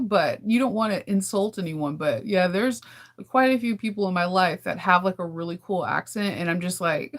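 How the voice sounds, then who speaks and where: A woman from California talks casually with her viewers on a livestream, breaking into laughter often. Her voice sits a little low and carries a gravelly, fry-tinged texture. She comes across candid and chatty. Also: normal speed. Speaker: livestream host. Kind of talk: casual chat with live viewers.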